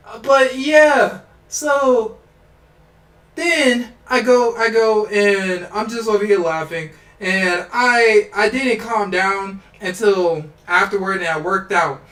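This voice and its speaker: A man's voice: high voice, slow pace, fairly bright tone. A young man telling a rambling, laughing storytime full of slang and repeated words, over video game sounds. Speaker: vlogger. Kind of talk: casual storytime. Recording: roomy, distant mic with music and game sounds.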